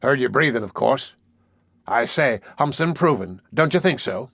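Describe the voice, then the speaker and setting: A man's voice: medium pitch, animated, moderate pace, creaky, a bit bright, dry recording, clean studio sound. A man voicing a blind, brutal sea captain who speaks in a sneering, threatening way.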